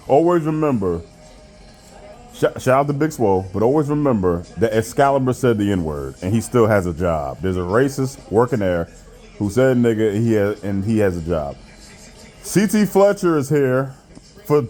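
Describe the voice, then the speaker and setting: A man giving a profane, animated rant while reviewing a wrestling show, often laughing and jumping high in mock disbelief. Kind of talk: profane rant commentary over a watched show.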